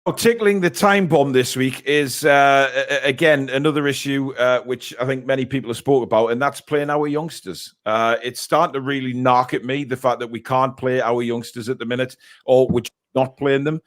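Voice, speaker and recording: A man's voice: mid-range voice, steady tone, normal speed, hardly any pauses. A man hosting a casual fan podcast, chatting and reacting with frequent filler words. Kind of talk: casual live-stream chat.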